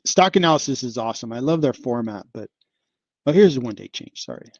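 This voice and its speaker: A man's voice: medium pitch, expressive, fast talker, dry recording, highs cut off. A man hosting a casual investing livestream, chatting about stocks and sighing and exclaiming over a falling market. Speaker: investing channel host.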